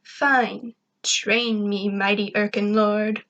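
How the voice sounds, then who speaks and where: A woman's voice: medium pitch, little pitch movement, slow pace, a bit bright, highs cut off. A woman voicing a devoted, feisty young female wolf creature who speaks in simple broken grammar, in an amateur story reading. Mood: dutiful.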